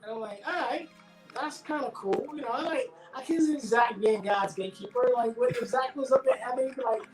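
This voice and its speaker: A middle-aged actor being interviewed, telling stories in a loose, animated way and acting out his friends' voices. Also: very high voice, quick pace, reverberant, over music, poor audio. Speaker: actor guest. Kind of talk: casual interview storytelling.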